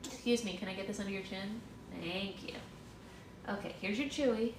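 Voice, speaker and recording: A woman's voice: mid-range voice, moderate pace. Mom doing a chatty live read-along at home, laughs a lot, talks to her baby, room sounds echoey. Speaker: livestream read-along host and mother. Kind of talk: casual livestream chat while minding a baby. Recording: roomy with noisy background.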